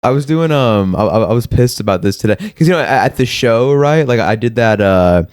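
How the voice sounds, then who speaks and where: A man's voice: mid-range voice, lively intonation, brisk, a little mellow, clean tone, no room sound, clean studio sound. A man in his twenties co-hosting a podcast in loose, joking chat full of fillers and restarts. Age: 20s. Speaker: podcast co-host. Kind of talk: casual chat.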